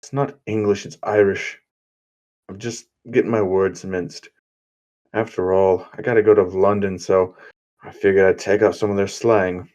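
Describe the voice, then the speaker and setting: A man's voice: sits low, flat delivery, normal speed, a little mellow, lightly acted. A man voicing a cocky young male hero who jokes around and drops mock British slang, on a dull lo-fi recording. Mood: teasing.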